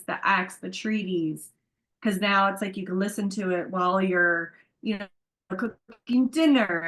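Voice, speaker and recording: Woman co-host, enthusiastic and emphatic, medium pitch. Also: fairly bright tone. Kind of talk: casual chat on a community call.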